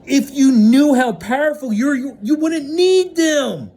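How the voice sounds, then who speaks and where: This vlogger's voice is very high and expressive, and he speaks at a measured pace. His off-the-cuff rant is packed with swearing and alternates between loud bursts and hushed moments.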